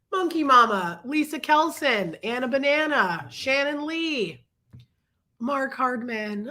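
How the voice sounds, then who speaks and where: A sick, congested woman hosting a casual livestream, chatting and greeting viewers by name between coughs. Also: bright, forceful tone. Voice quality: low husky sick voice. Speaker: livestream host.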